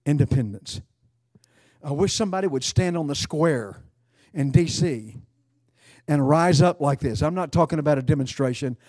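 A man's voice: on the high side, moderate pace, darkish tone, no echo, studio quality. A man preaching a sermon, emphatic and repeating phrases for effect.

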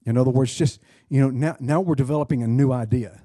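Man teaching a Bible class, mellow voice. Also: mid-range voice, fast talker, husky, dry recording, studio quality. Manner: conversational, quizzes the class, frequent restarts.

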